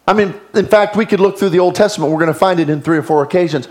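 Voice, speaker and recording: A male pastor with a high voice preaches a sermon. He tells stories in a lively way, with his pitch leaping up and down and his volume swinging between loud and hushed.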